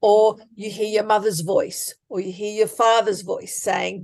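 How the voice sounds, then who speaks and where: A woman life coach, speaking emphatically and deliberately as a podcast guest. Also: medium pitch, flat delivery, gravelly, darkish tone. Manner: emphatic, deliberate, acts out example thoughts. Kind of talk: conversational coaching talk.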